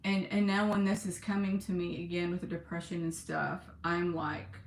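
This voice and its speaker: A woman talking in a personal video diary, on the edge of tears, halting and emotional, with sighs and pauses. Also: lowish voice, level tone, echoey room. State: close to tears. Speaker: vlogger.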